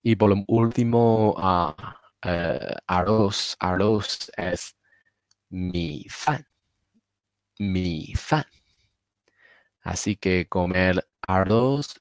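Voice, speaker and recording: Man, native Mandarin speaker, language teacher, unhurried delivery, clear dry voice, repeats words twice. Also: low-pitched, no echo, rough recording. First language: Mandarin Chinese. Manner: patient, repeats each word twice; switches between Spanish and English. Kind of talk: online language lesson.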